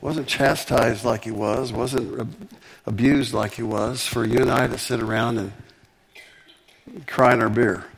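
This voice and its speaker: A man preaching a sermon with emphatic, animated delivery and frequent repetitions. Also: medium pitch, slow pace, gravelly, husky.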